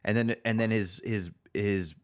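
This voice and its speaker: Male co-host, lower voice, halting and unsure delivery. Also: steady tone. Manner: hesitant, halting, restarts often. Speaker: podcast co-host. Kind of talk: casual podcast chat.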